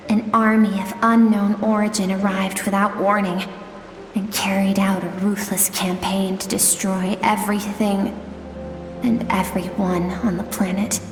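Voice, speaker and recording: A woman voicing a slow, wistful storyteller. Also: medium pitch, lightly acted. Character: gentle female storyteller recounting memories. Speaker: narrator of memories. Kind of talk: game cutscene narration. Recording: echoey hall sound over game music. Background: music.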